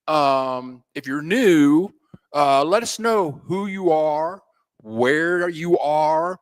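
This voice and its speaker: A man with a fairly high voice hosts a relaxed live stream from home, taking his time as he greets each viewer. His shout-outs are playful and folksy, with an easygoing, chatty delivery. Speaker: host of a live stream about living abroad. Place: home in a Mexican city.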